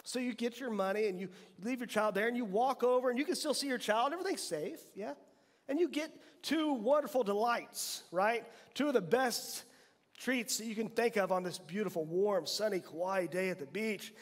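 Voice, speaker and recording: A man, a pastor, preaching a sermon in a church, animated and full of rhetorical questions. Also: high voice, moderate pace. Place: church sanctuary. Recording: long church hall reverb.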